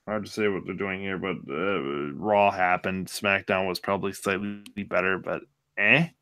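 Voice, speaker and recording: A man's voice: low-pitched, steady tone, moderate pace, bright, forceful tone, smooth. A man co-hosting a podcast in casual chat, laid-back and wry, hesitating with many ums. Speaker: podcast co-host.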